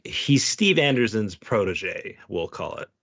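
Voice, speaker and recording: A man's voice: fairly low pitch, big pitch swings, a little slow, vocal fry, fairly bright tone, breathy edge, no room sound. A man co-hosting a podcast, joking crudely and speaking bluntly in casual chat. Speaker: podcast co-host. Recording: dry, dull lo-fi podcast audio.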